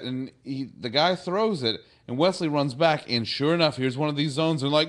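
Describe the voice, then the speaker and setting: A man's voice: a little high, moderate pace, hardly any pauses. A man in a casual podcast chat who retells a TV episode in a loose, rambling way, chuckling and filling gaps with "like" and "you know.". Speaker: podcast co-host.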